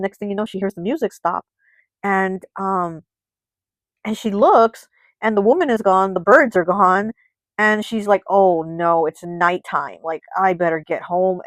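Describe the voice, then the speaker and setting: A woman's voice: fairly low pitch, no echo, rough recording. Chatty woman reading tarot, dry sound. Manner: chatty, loose retelling full of "like" and "you know". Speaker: tarot reader. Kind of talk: casual tarot reading and storytelling.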